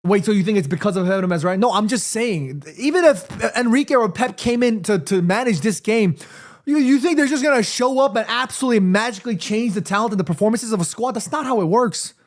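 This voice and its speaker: A man streaming a football watchalong, calling the play live and chatting to his viewers in an excitable, slangy way. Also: high-pitched, quick pace. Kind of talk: live play-by-play commentary and chat.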